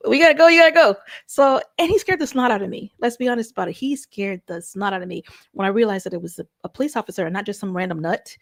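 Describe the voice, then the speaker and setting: Middle-aged woman from Chicago, lively storyteller, dry close sound, loud bursts and quiet asides. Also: medium pitch, fast talker, few pauses, no echo. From Chicago area. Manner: animated, conversational, swings between loud exclamations and hushed asides. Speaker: host. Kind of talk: personal storytelling.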